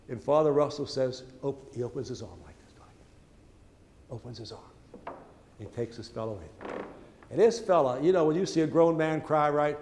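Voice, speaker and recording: An older man, a priest, telling a long personal story during a sermon in a folksy, chatty way, with asides to the congregation. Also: fairly high pitch. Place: church. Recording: church hall reverb with faint ambience.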